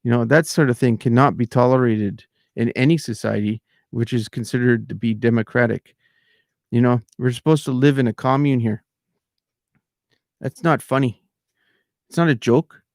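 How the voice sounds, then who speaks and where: A man's voice: mid-range voice, steady tone, normal speed, a little mellow, dry recording, studio quality. A middle-aged man rambling in casual, indignant commentary with many fillers and restarts. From outside America. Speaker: channel host.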